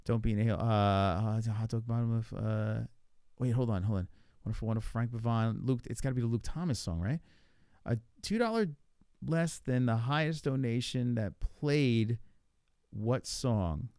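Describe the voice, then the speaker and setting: A man's voice: mid-range voice, darkish tone, clean tone, dry recording. Swearing, muttering man, dry sound. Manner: swears a lot and thinks aloud, muttering; halting, with many fillers and repeats. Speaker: podcast host. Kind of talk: casual chat while playing an online quiz.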